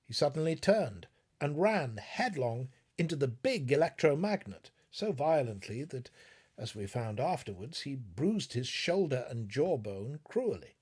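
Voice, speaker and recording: A man reading a classic story aloud in a measured, expressive narration. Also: medium pitch, husky. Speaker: audiobook reader.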